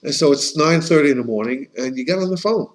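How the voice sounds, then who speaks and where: This is a casual, conversational lesson from a rabbi whose voice runs a bit high and expressive. He talks fast, tells anecdotes, restarts sentences frequently, and drops in Yiddish and Hebrew words, all on a low-quality recording.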